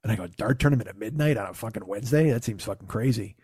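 A man's voice: fairly low pitch, fast talker, a little mellow, slightly rough, no room sound, studio quality. A man telling a casual, profane story in his own voice. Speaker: podcast host telling a story.

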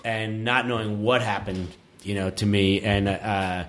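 A man's voice: fairly low pitch, unhurried. Profane storytelling New man. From Queens, New York. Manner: animated, profane, laughing often. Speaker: podcast guest, metal musician. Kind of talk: casual storytelling.

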